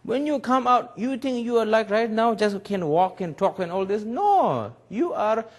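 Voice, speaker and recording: Telling stories and laughing frequently, a man in his forties delivers a Buddhist public talk over webcast in broken English. His high voice has lively intonation and a moderate pace.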